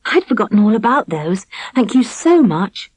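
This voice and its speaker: A woman's voice: fairly high pitch, big pitch swings, normal speed, darkish tone, husky, dry recording, pitched above the performer's own voice. A woman voicing a cheerful young princess who works as a kitchen maid, earnest and a little prim.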